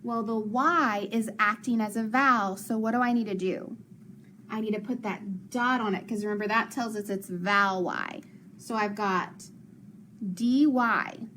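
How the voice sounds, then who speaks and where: A woman's voice: mid-range voice, a little slow, fairly bright tone, slight background noise. A woman teacher leading a phonics lesson for young children, patient and encouraging, asking questions and praising answers.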